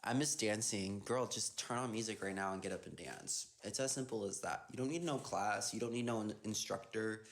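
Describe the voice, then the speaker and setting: The voice is a young man's, fairly low in pitch, fairly quick and with few pauses. He's a dancer hosting an Instagram live, casually reading viewers' comments out loud and responding playfully, often drifting off mid-thought.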